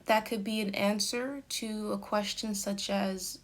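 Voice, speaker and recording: Slow, careful woman teaching grammar. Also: mid-range voice, fairly even intonation. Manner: slow, careful, deliberate delivery of example sentences. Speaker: English teacher. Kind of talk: slow explanatory grammar lesson.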